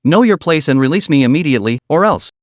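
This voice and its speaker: Man reading as defiant snarling ninja captive, slightly high, dry read. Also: lively intonation, fast, dry recording, natural voice. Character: captured male ninja, defiant and insulting.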